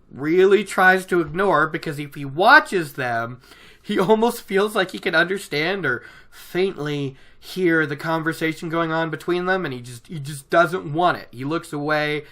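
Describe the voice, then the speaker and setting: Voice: mid-range voice, pushed and bright. A podcast host recapping a book chapter in a chatty way, with many "you know"s.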